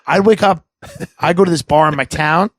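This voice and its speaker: A man hosting a podcast, telling rambling stories in casual chat, animated and laughing, slipping into silly voices for his friends. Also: fairly high pitch, moderate pace, no echo. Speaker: podcast host.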